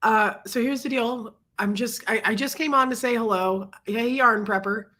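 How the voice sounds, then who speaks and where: A woman's voice: normal speed, pushed and bright. A sick, congested woman hosting a casual livestream, chatting and greeting viewers by name between coughs. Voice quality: low husky sick voice. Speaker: livestream host.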